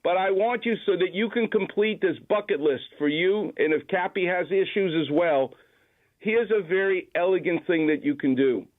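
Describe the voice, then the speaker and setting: A man's voice: high voice, normal speed. Confident doctor man on a tinny phone line. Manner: confident, precise, instructive. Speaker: doctor guest on call-in. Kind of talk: explaining medical advice.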